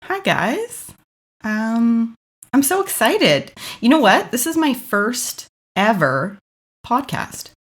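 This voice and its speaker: A woman's voice: a little high, very animated, slow pace. Hesitant, self-deprecating woman guest. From Canada. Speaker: podcast guest. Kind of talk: casual podcast chat.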